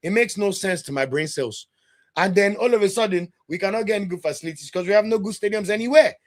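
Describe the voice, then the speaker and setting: Passionate, high-voiced football podcast host. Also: male voice, fast talker. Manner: passionate, blunt, addresses chat directly; sermon-like delivery. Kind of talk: live watch-along commentary and rant.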